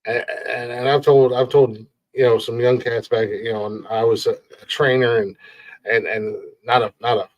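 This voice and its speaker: A man's voice: medium pitch, steady tone, moderate pace. A man hosting a podcast, ranting in a rambling, profane way and laughing at his own jokes. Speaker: podcast host.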